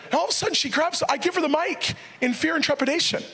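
A man's voice: very high voice, quick pace. A middle-aged pastor preaching with energy, telling a story and voicing other people as he goes, with frequent laughter. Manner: animated, quotes others in raised voices, laughs often.

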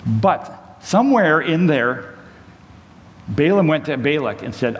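A man preaching, retelling a Bible story in a relaxed conversational way with side notes to the listeners. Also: fairly high pitch, takes it slowly. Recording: long hall reverb, faint room noise.

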